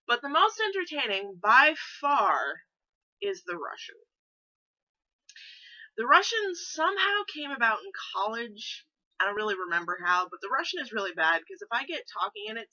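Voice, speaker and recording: A woman's voice: medium pitch, bright, forceful tone. A young woman chatting casually to camera, rambling and swearing freely. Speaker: vlogger. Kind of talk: casual chat. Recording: dull lo-fi recording.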